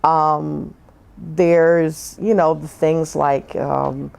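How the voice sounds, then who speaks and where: Low, gravelly woman recalling frankly. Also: little pitch movement, very slow, a little mellow. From northern United States. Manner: reflective, frank storytelling with many fillers. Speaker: interviewee. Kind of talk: oral history interview.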